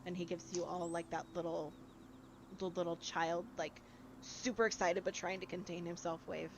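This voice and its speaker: A woman's voice: fairly low pitch, flat delivery, moderate pace, a little hiss or hum. A woman narrating as game master of a tabletop game in a chatty, rambling way.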